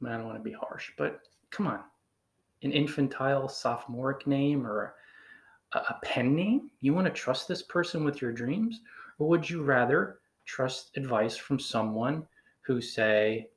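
A man's voice: medium pitch, measured pace. A man from northern New Jersey with a northern New Jersey accent, a blogger talking casually to his listeners and firing off emphatic rhetorical questions. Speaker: blogger giving advice. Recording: echoey room.

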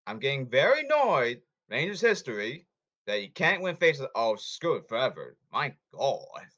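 A man's voice: mid-range voice, wildly swooping pitch, normal speed, fairly bright tone, lo-fi sound. A man hosting a sports podcast who talks in a blunt, hectoring way and repeats himself, in a casual commentary monologue.

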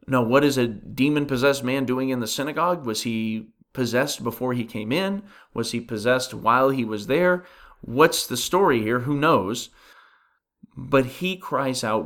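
A man's voice: mid-range voice, measured pace, a bit bright. Man preaching in a conversational way. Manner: earnest, asks the listeners rhetorical questions; frequent restarts while thinking aloud. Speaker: pastor. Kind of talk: conversational sermon on a Bible passage.

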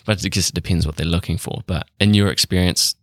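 A man's voice: low-pitched, fairly even intonation, fast talker, fairly bright tone, no room sound. A man hosting a casual podcast interview, rambling and hesitant, with a lot of "like". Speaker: podcast host.

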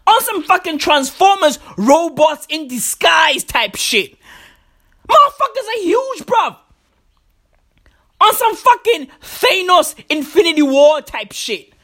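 A man delivering a profane comedic rant, loud and excitable, full of slang and repeated words. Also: very high-pitched. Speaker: comedic ranter.

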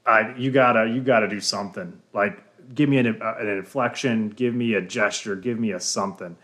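A man co-hosting a podcast in casual chat, loud, jokey and emphatic. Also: on the low side, a little fast. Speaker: podcast co-host. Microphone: sitting far from the mic.

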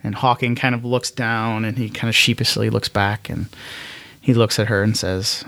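A man's voice: lowish voice, flat delivery, moderate pace, creaky, fairly bright tone, dry recording. A man hosting a podcast where he narrates a solo tabletop game, speaking in a thoughtful, hesitant way.

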